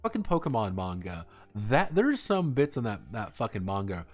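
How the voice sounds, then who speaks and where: An excitable male streamer in loose live-stream chat, his pitch swinging freely up and down as he rambles. He swears constantly and laughs often. Faint music plays behind him. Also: normal speed, few pauses.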